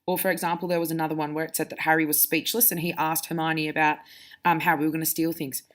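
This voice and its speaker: A woman's voice: low-pitched, little pitch movement, fast. A woman teacher explaining to pupils how to read punctuation and character voices aloud, demonstrating as she goes. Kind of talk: reading lesson for pupils.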